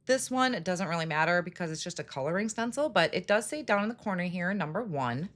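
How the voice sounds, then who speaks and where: Middle-aged woman, craft livestream host, chatty, lively pitch. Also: quick pace. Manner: chatty, self-deprecating, greets viewers by name. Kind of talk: casual live crafting demo.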